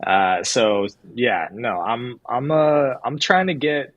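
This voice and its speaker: A man co-hosting a casual livestream chat, excitable and joking, often drifting onto tangents. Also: medium pitch, takes it slowly, dry recording, highs cut off. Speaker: co-host.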